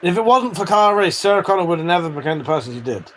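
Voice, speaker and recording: A British man talking to his live-stream chat in a loose, teasing way, swearing freely. His voice sits a bit high for a man and jumps around a lot as he banters. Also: lively intonation, very fast, a little hiss or hum. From United Kingdom.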